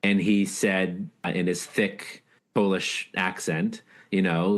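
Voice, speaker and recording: Male author guest, very low voice, earnest, reflective storytelling. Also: steady tone, moderate pace. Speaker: author and leadership speaker, guest. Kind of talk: casual interview storytelling.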